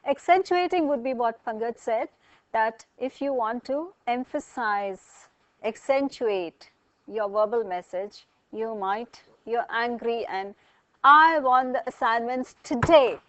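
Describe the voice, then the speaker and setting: A woman's voice: fairly high pitch, slow, no echo, low-quality recording. A woman lecturing a college class, asking students questions and explaining with everyday examples.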